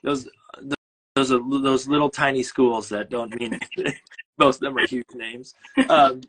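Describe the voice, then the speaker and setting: A man's voice: medium pitch, fairly even intonation, normal speed, fairly bright tone, poor audio. A man with a Midwestern American accent hosting a casual livestream chat, rambling and correcting himself with jokes. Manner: rambling, self-correcting, jokey. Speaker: host.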